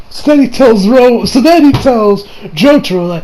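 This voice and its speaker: A young man casually reviewing an anime episode, excitable and swearing, acting out scenes with sudden shouts. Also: very high voice, normal speed, few pauses.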